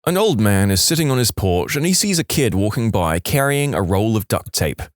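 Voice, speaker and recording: Man reading jokes with wildly swinging pitch. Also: very animated, normal speed, dry recording, studio quality. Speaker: podcast host.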